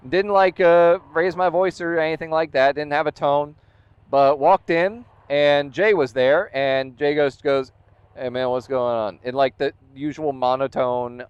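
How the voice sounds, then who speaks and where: A man's voice: fairly high pitch, smooth, no room sound, dull audio. A man vlogging about his motorcycle, retelling events with exasperation and quoted dialogue. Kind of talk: casual storytelling vlog.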